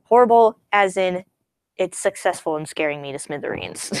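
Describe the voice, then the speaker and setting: A woman's voice: lowish voice, expressive, moderate pace, a little mellow, clear, resonant tone, dry recording, poor audio. A teenage girl chatting casually on a stream, giggling often and rambling. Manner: giggly, rambling, slips into silly voices. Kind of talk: casual chat.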